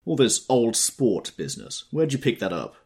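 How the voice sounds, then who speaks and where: A man voicing a brusque, impatient wealthy young man in an audiobook reading, delivered sharply and forcefully. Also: medium pitch, very animated, normal speed, creaky, slightly rough, voice pushed up, full character voice.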